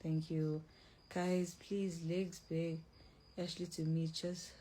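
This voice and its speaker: A woman's voice: on the low side, little pitch movement, slow pace, dark tone, a little hiss or hum. A young woman hosting a casual livestream from home, reading viewer comments aloud and answering them bluntly, often saying like. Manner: blunt, self-described mean, says like often. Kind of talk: casual live chat.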